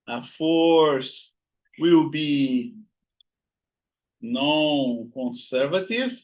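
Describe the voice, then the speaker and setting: A man's voice: fairly high pitch, lively intonation, extremely slow, darkish tone, highs cut off. A man teaching a physics lesson, working through notes, repeating key words and checking in with "right?" and "here you go". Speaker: physics instructor. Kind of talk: recorded lecture while writing notes.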